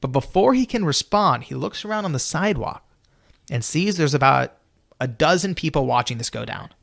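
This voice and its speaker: A young man with a slightly higher voice tells a story with lots of animation, jumping up into an excited, higher register when he acts out his own lines. The sound is dry and close, with no room echo. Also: moderate pace, vocal fry. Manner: peppers speech with "you know". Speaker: storyteller guest.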